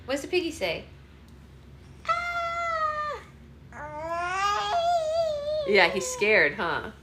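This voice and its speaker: Sing-song, animated mom. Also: female voice, mid-range voice, moderate pace, very noisy. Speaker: book club live-stream host. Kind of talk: casual live-stream chat with her toddler.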